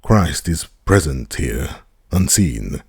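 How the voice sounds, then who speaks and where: A man voicing a weary, good-natured little old priest who rattles off rapid routine church patter in an audiobook. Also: rumbling low, big pitch swings, darkish tone, slightly rough, no room sound, clean studio sound, heavily acted. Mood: hurried.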